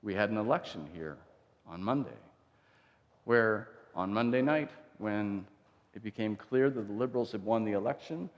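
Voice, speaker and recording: A male pastor in a church sanctuary gives a sermon in an expressive, lowish voice at normal speed. The sound is lo-fi with long church reverb, and he recounts the story in a conversational style, performing the quotes.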